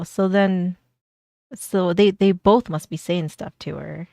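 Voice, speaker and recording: A woman's voice: mid-range voice, big pitch swings, a little slow, creaky, a little mellow, no echo, clean studio sound. A woman streamer giving casual, rambling reaction commentary, exasperated and stumbling over her words.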